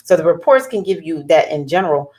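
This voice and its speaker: A woman astrologer talking casually to her viewers in an animated, chatty way, with bursts of excitement. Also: low-pitched, fast talker. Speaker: astrologer giving readings. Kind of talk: casual talking-head vlog.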